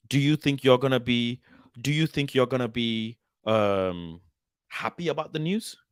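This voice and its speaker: Animated man firing rhetorical questions. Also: medium pitch, no room sound, clean studio sound. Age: 20s. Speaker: football channel host. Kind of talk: casual video commentary.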